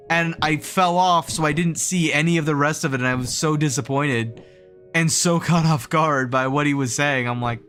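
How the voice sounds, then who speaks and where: A man's voice: medium pitch, steady tone, brisk, pushed and bright, faint music behind. A young man chatting casually on a gaming livestream, self-mocking and laughing often as he reads chat aloud. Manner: counts jump timing aloud in a rhythmic sing-song. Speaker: streamer.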